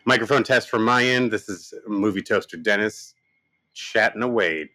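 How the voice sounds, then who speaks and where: An easygoing man co-hosting a podcast, upbeat and quick to laugh. His voice is low but bright and forceful. The sound is dry, with no room echo. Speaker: podcast co-host. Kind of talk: casual chat.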